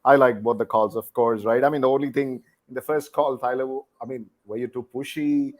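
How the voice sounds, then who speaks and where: Man, moderator, easygoing, halting, many fillers, video call. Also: medium pitch, fairly even intonation. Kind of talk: casual panel chat.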